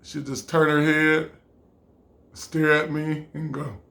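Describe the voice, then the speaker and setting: A man's voice: on the high side, flat delivery, slow pace, creaky, fairly bright tone. A man in his twenties telling a casual personal anecdote, rambling, full of "like" and laughing often. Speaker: storyteller.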